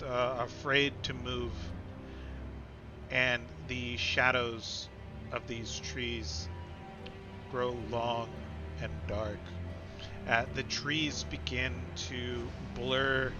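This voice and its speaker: A man runs a tabletop game, narrating the scene slowly and pausing often on fillers. His voice sits at a middle pitch. Music plays clearly behind him. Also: muffled recording. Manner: slow, hesitant narration with many fillers. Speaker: game master. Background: background music.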